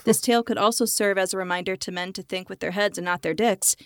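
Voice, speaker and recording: A woman's voice: mid-range voice, steady tone, quick pace, fairly bright tone, dry recording. A woman co-hosting a podcast, telling folklore in a wry, matter-of-fact way. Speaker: podcast co-host. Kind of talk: casual chat, reading folklore notes.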